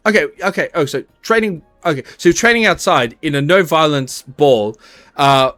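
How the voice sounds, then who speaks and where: A man's voice: on the high side, normal speed, fairly bright tone, dry recording, faint music behind, pitched above the performer's own voice, natural voice. A man voicing a nervous male guard who dreads paperwork, stammering and repeating himself. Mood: flustered. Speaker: game master.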